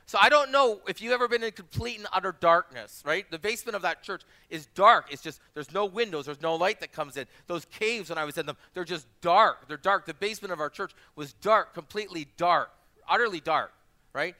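A man's voice: high-pitched, a little fast. A man in his forties, a pastor preaching a sermon, telling personal stories and repeating phrases for emphasis. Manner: animated storyteller, acts out quoted voices.

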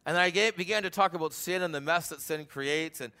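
Bright-voiced man preaching with swells. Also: fairly high pitch, a little fast, clean tone. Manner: swings from loud emphatic preaching to quiet intimate storytelling. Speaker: pastor. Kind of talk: sermon.

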